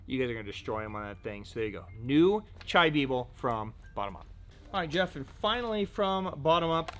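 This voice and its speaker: A man's voice: medium pitch, big pitch swings, fairly quick, fairly bright tone. A man presenting fishing gear in a casual product showcase, chatty and joking, often filling gaps with "so" and "right?". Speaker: fishing tackle shop presenter.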